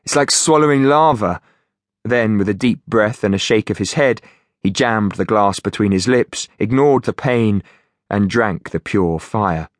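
A man reading an audiobook as narrator in a steady, measured way. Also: on the low side, no room sound, clean studio sound. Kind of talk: scripted narration.

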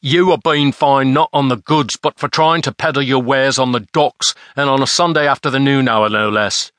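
A man's voice: mid-range voice, normal speed, a bit bright, no echo, clean studio sound, natural voice. A male audiobook narrator voicing a harsh, growling customs collector who bullies traders.

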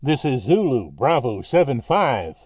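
A man voicing a wounded, frightened young male Marine pilot who talks in slow, halting bursts. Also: mid-range voice, big pitch swings, a little mellow, breathy edge, no echo. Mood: fearful.

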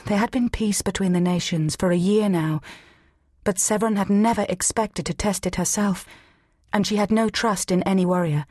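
A woman narrating an audiobook in a measured, steady reading. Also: medium pitch, no echo, studio quality. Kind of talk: scripted narration.

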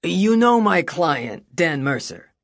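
Flamboyant male defense lawyer, put on by a woman narrator; slow, silky, mocking drawl, dry close sound. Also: lowish voice, sing-song, dry recording, full character voice. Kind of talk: audiobook character voice.

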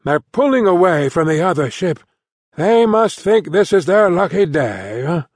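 A man's voice: high-pitched, very animated, measured pace, breathy edge, no echo, studio quality, voice pushed up, full character voice. A man voicing a blunt, alert ship captain who talks in clipped seaman's phrases tagged with "eh" and "aye". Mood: wry. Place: dry studio booth.

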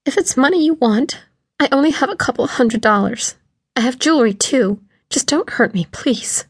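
A woman's voice: on the high side, lively intonation, fast, breathy edge, no room sound, studio quality, pitched above the performer's own voice. A woman voicing a frightened young wife whose voice cracks as she pleads. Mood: pleading.

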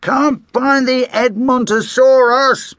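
A man's voice: very high-pitched, fairly even intonation, takes it slowly, a bit bright, no room sound, voice pushed up, full character voice. A man voicing a friendly, enthusiastic father who runs a dinosaur museum. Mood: jolly.

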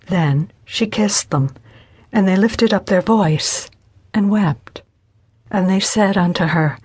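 A woman narrating scripture in an audiobook with a measured, solemn reading. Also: on the low side, a little mellow.

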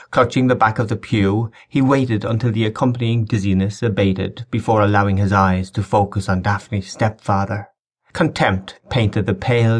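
A man giving a measured, dramatic audiobook narration of a historical romance. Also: lowish voice. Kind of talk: scripted narration.

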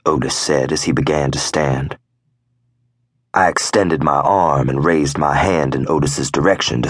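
Gruff male audiobook narrator: a very low, husky voice with slow, deliberate pacing. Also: a bit bright, no room sound. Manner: gruff, growling delivery of profane dialogue. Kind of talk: first-person audiobook narration.

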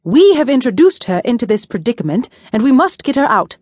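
A woman's voice: mid-range voice, lively intonation, moderate pace, no room sound, studio quality, natural voice. Woman voicing an indignant young nobleman. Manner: forceful, urgent, raised voice.

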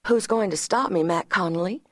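A spirited young woman in an audiobook, a touch higher than the narration, murmuring her questions with light, teasing defiance, as the narrator puts her on. The reading is close and dry. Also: slow pace, slightly rough, no room sound, full character voice. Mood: puzzled.

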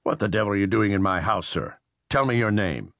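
Storybook tycoon in his fifties, firm and commanding, deep-voiced , as a male narrator puts him on. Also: brisk, creaky, fairly bright tone, no room sound, clean studio sound. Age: 50s. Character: rich, stern self-made tycoon, age fifty-two.

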